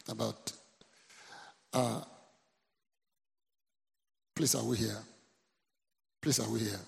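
A man's voice: medium pitch, gravelly, big-room sound. A Nigerian man preaching as a pastor, often checking in with the congregation and repeating his points. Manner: preachy call-and-response, repeating lines to the congregation. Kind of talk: sermon. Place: church.

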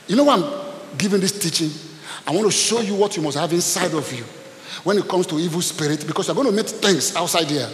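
A man's voice: on the high side, quick pace. A middle-aged man preaching to a congregation, calling for responses and telling stories. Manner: call-and-response preaching, storytelling. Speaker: pastor. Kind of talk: sermon. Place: church hall. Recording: echoey hall with hiss.

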